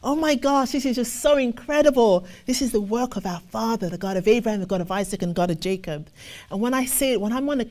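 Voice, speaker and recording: A woman with a somewhat high voice preaches a sermon. She reads scripture slowly and with weight. Between readings she grows expressive and acts out how other people answer. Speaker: ministry officer.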